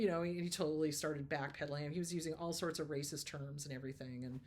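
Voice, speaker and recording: A woman's voice: low-pitched, quick pace, few pauses. A middle-aged woman therapist hosting an advice show, talking casually and emphatically, telling stories and acting out quotes. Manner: emphatic, lively storytelling with laughs and mock quotes.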